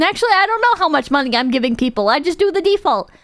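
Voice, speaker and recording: Female streamer, high and animated, rambling profane reaction chat. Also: rapid-fire, no room sound, studio quality. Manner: rambling, profane, laughs often.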